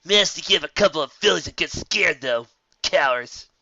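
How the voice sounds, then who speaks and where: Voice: medium pitch, expressive, normal speed, sharp tone, no echo, muffled recording, voice pushed up. A reader voicing a troublemaking young unicorn colt, smug and boastful.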